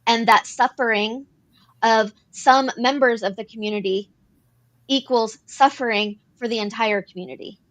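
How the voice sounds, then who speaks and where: Speaking at a moderate pace in a voice on the high side, this podcast co-host explains policy earnestly in an advocacy discussion. As she works through her points, she tends to repeat phrases.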